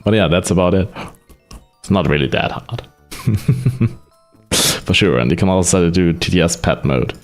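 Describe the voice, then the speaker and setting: A man streaming live, casually showing off software he built, chatty and rambling and often laughing. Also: sits low, moderate pace, pauses often, faint music behind.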